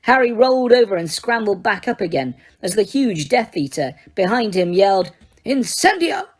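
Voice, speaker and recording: A woman reading a fantasy novel aloud as an audiobook, in steady, dramatic storytelling. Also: mid-range voice, normal speed. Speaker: audiobook reader. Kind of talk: audiobook narration.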